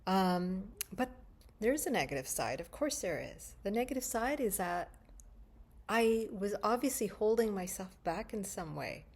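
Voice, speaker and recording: A woman's voice: mid-range voice, lively intonation, a little slow, a little mellow, husky. Reflective woman telling a childhood story. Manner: thoughtful, conversational, with many fillers. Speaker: spiritual video host. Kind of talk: reflective personal storytelling to camera.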